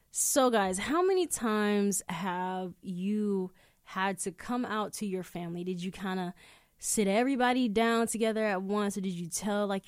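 A young adult woman hosting a podcast, telling stories in casual chat, animated and swearing freely. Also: mid-range voice, no room sound, clean studio sound. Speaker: podcast host. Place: indoor room.

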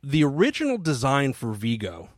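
A man co-hosting a casual movie commentary podcast, excitable and swearing freely, breaking into laughter often. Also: medium pitch, moderate pace, dry recording, studio quality. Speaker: podcast co-host.

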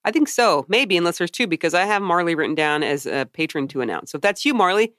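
A woman's voice: lowish voice, expressive, fast, a bit bright, no room sound, clean studio sound. A woman in her thirties co-hosting a podcast, chatting casually and swearing with asides. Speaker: podcast co-host. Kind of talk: casual chat.

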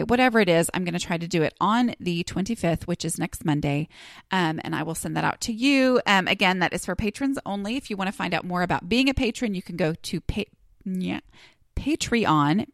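A woman's voice: on the low side, no echo. Chatty woman podcasting, dry close sound. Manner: chatty, rambling, self-deprecating with many fillers. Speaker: podcast host. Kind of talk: casual solo podcast talk.

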